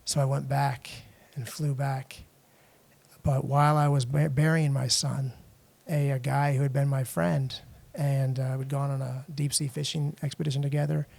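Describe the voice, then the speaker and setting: A middle-aged man from the United States, a podcast guest telling a personal story in a halting way, with frequent restarts and fillers. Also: mid-range voice, vocal fry, darkish tone. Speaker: podcast guest, international lawyer.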